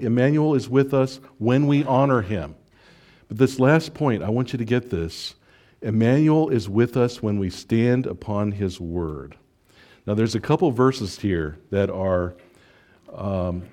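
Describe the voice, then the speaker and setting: A man preaching an expository sermon, reading scripture and slowing down to stress key phrases, rising to emphatic exhortation. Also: lowish voice, warm tone. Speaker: pastor.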